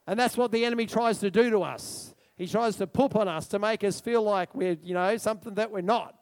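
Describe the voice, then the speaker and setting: A man preaching with a very high voice for a man, loud and bursting with excitement. He drives his points home with emphatic repetition. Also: brisk. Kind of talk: sermon.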